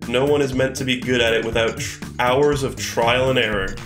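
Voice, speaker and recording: A man's voice: medium pitch, steady tone, normal speed, over music. Chatty streamer guy in an echoey room. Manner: chatty, thinks aloud, swears casually. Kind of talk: live game-stream commentary.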